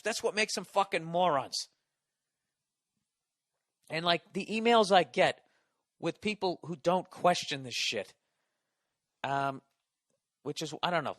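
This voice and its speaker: A man's voice: a little high, pushed and bright, no room sound, studio quality. A man hosting a podcast, delivering an exasperated, profanity-laced comedic rant full of restarts. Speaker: podcast host. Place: Los Angeles.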